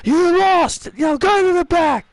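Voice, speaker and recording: A man's voice: very high-pitched, a little slow, dry recording, pitched above the performer's own voice, rough recording. A man voicing a stern male wrestling authority figure giving orders. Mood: commanding. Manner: commanding.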